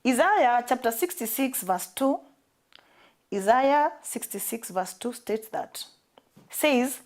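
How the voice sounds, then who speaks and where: A Kenyan woman preaching to her church, pressing each point and saying important phrases twice. Her voice sits a little higher than most women's, and she swings between strong, raised stresses and softer, dropped endings. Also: animated, slow pace. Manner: emphatic, repeats key phrases. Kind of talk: sermon.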